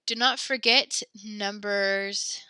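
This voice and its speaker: A woman teaching a French lesson in a very bright, crisp voice. She explains the grammar patiently and step by step, and praises her students along the way. The sound is dry and close. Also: medium pitch, fairly even intonation, slow, no room sound. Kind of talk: classroom teaching.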